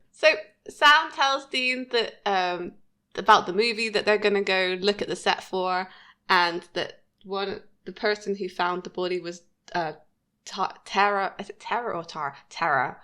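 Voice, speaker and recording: A woman in her thirties co-hosting a podcast, chatting casually about a TV episode and laughing often. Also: measured pace. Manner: chatty, laughs often, lively pitch jumps. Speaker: podcast co-host.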